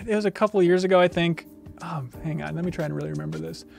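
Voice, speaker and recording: A man's voice: a little high, racing, creaky, faint music behind. A man hosting a live video game trivia stream, announcing answers in an upbeat, game-show way.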